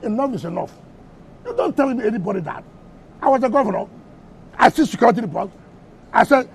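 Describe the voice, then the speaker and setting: A man's voice: very high voice, lively intonation, quick pace, gravelly, long pauses, husky. A middle-aged Nigerian man answering reporters at a press briefing, combative and firing off repeated rhetorical questions. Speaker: government minister at a press briefing.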